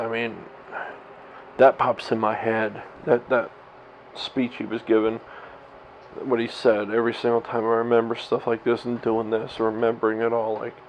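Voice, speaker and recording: A man in his thirties telling a story straight to his camera at home, rambling, swearing and laughing at himself. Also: mid-range voice. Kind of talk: candid personal vlog monologue. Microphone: camera mic. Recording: slightly dull lo-fi camera audio with faint hiss.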